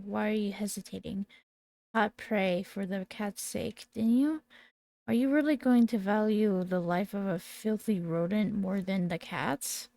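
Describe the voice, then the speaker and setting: A woman in her twenties, a gamer reading horror game text aloud in a slow, dramatic way. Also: mid-range voice, steady tone, vocal fry, mellow, no echo. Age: 20s. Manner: slow, dramatic reading with sudden startled outbursts.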